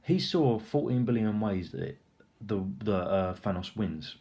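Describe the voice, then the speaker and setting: A young man with a fairly low voice talks through a film in a loose, rambling review. He keeps throwing in filler words and casual swearing, and sounds wound up and excitable. It is an unscripted spoken review. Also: unhurried.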